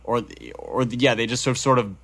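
A man's voice: mid-range voice, steady tone, brisk, a bit bright. Wry, dry-humored man in casual chat. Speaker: podcast co-host.

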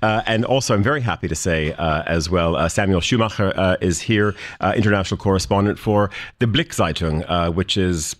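Low-voiced man hosting a live radio show. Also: no echo. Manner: halting, many "uh" fillers. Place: radio studio.

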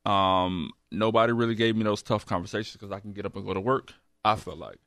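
A man talking casually as an interview guest, halting, with many fillers and restarts. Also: lowish voice, fairly even intonation, fairly bright tone, dry recording. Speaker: guest, recovery program graduate.

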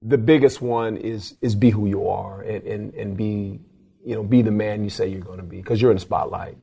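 A man's voice: fairly even intonation, normal speed, vocal fry, mellow, husky. An older man, a former football coach, telling stories in an interview with lots of emphasis and laughter, acting out quotes in a raised voice. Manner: emphatic, laughs often, acts out quotes in a high voice. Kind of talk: animated storytelling interview.

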